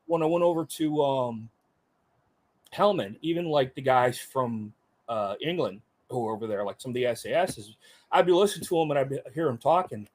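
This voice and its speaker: A man's voice: medium pitch, lively intonation, normal speed, darkish tone. Veteran guest, middle-aged man, chatty and rambling, plain everyday voice. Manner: rambling, many fillers, voices others in quotes. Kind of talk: casual storytelling in an interview.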